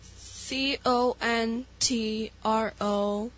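Woman spelling contestant; hesitant, very slow, letter by letter; dull recording with faint room noise. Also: on the high side, fairly even intonation. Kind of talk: spelling words aloud.

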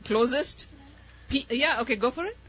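A woman with a high-pitched, slightly bright voice speaks at normal speed as quizmaster of a live spelling contest, patiently explaining words and encouraging contestants. She uses a microphone, and the recording is muffled and lo-fi.

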